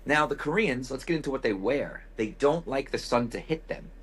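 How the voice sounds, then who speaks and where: A man's voice: mid-range voice, lively intonation, normal speed. A man hosting a podcast, telling a loose, profane travel anecdote in a casual, wry way with lots of quoted asides. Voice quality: husky. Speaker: podcast host. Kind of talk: casual storytelling.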